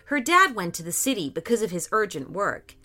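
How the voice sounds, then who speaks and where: A woman narrating a children's story with a warm, expressive and animated delivery. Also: medium pitch, a little fast, soft background music. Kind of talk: scripted storytelling for kids.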